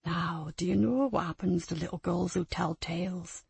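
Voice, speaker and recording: A woman putting on a slow, menacing whispering tormentor. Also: gravelly, slightly rough, dry recording, heavily acted. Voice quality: low hushed menacing murmur. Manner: slow, drawn-out, sinister. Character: menacing adult abuser taunting a child.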